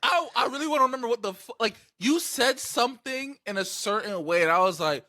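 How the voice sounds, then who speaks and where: A man's voice: very high voice, expressive, a little fast, pushed and bright, no room sound, studio quality. A young man hosting a podcast, talking in loose slang, laughing and swearing in casual chat. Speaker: podcast host.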